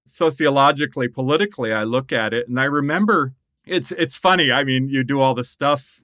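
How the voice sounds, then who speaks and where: Bright-voiced middle-aged man telling stories. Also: medium pitch, a little fast, dry recording, studio quality. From United States. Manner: animated storyteller, laughs often. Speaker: guest writer. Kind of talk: conversational interview storytelling.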